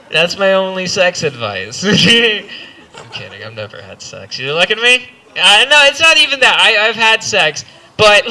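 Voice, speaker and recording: Bright-voiced young stand-up man. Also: a little high. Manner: rambling, self-deprecating, stumbling restarts. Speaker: stand-up comedian. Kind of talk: stand-up set. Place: comedy club stage.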